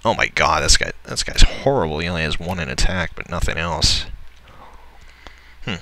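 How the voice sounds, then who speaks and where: A man's voice: low voice, moderate pace, pushed and bright, poor audio. A young man commenting on a strategy game as he plays, grumbling and swearing at the computer opponents. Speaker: let's player. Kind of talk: gameplay commentary.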